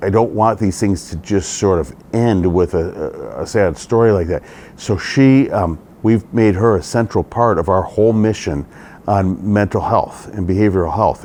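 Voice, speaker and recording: Low-voiced earnest man in interview. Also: darkish tone. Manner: earnest, conversational. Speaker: state legislator. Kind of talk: interview answers.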